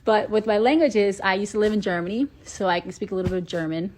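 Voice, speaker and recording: A woman's voice: medium pitch, fast, a little mellow, a little hiss or hum. Chatty woman talking into a phone. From Atlanta, Georgia, US. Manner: chatty and playful, many filler ums. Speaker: live stream host. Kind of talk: casual live stream chat.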